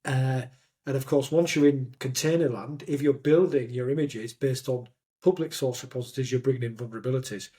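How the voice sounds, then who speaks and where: A man with a Yorkshire accent hosting a podcast, telling animated stories and acting out what people said. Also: mid-range voice, fairly quick. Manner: animated storyteller, acts out quotes. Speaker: podcast host. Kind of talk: casual conversation.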